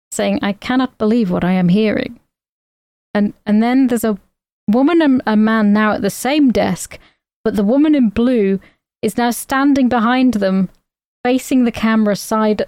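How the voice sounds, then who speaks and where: A woman co-hosting a podcast, chatting casually and recounting film scenes with animated, laughing delivery. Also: on the high side, measured pace, no room sound. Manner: animated, storytelling, laughs often. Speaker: podcast co-host. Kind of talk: casual chat reviewing a film.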